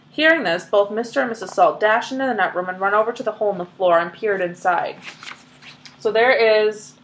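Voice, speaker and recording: A woman reading a children's book aloud, stopping for chatty explanations. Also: medium pitch. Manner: chatty asides full of "like".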